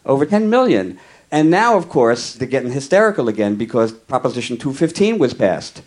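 A male comedian telling a long comic story in a wry, conversational way, with deadpan asides. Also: mid-range voice, fairly quick.

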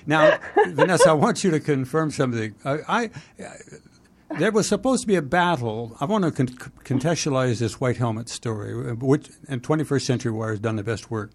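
A man's voice: mid-range voice, expressive, moderate pace. A man hosting an interview, asking long questions that he restarts and rambles through. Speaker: host.

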